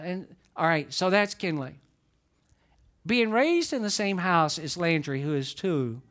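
An older male pastor with a notably high, fairly bright voice preaches a sermon full of stories. He keeps checking in with the congregation through direct questions and often repeats key lines for emphasis.

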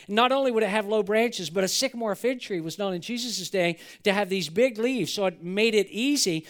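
High-voiced man preaching a sermon. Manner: animated preaching, rising loud for emphasis and dropping to a hush; acts out the people in the story in quoted voices. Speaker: pastor.

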